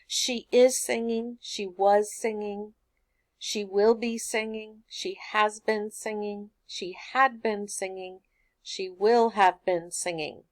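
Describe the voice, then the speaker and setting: A woman's voice: mid-range voice, steady tone, slow pace, no echo. A woman teaching a recorded grammar lesson, patiently explaining step by step with everyday examples.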